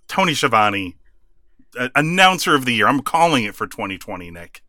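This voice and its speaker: A man's voice: medium pitch, big pitch swings, brisk, sharp tone, no room sound. A man co-hosting a podcast, animatedly recapping a wrestling show in casual chat and laughing often. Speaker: podcast co-host.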